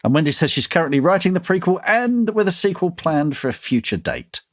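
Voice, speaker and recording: A man's voice: high-pitched, very animated, brisk. A man co-hosting a podcast, reading book blurbs and listener news with encouragement. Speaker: podcast co-host.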